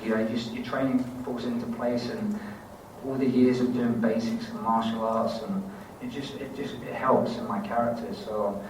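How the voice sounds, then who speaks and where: A man's voice: medium pitch, fairly even intonation, normal speed. A Scottish-born man with a London accent, a convention panel guest telling rambling, self-mocking anecdotes in casual Q&A answers. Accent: London English. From Scotland. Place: large convention hall. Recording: echoey hall, distant mic, background noise.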